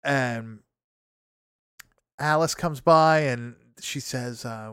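Young guy, smooth clear voice, loose profane movie-recap chatter, dry close mic. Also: medium pitch, drawn-out words, a bit bright, no room sound. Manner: profane, laughing, rambling recap full of fillers. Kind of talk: casual movie recap chat.

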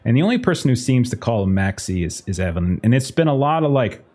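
A man's voice: mid-range voice, big pitch swings, quick pace, warm tone. A man narrating as game master of a tabletop horror game, rambling with many fillers.

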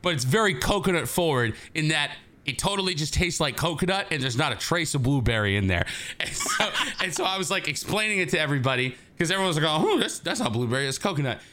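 Man, podcast co-host, rambling animated storyteller, bright voice, quick. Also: a little high. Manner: animated, rambling storyteller who acts out quotes. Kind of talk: casual storytelling chat.

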